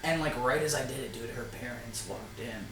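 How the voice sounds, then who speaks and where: A young man hosting a casual storytelling chat, loud and laughing, swearing often and acting out quotes. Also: medium pitch, normal speed, reverberant, noisy background. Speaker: host.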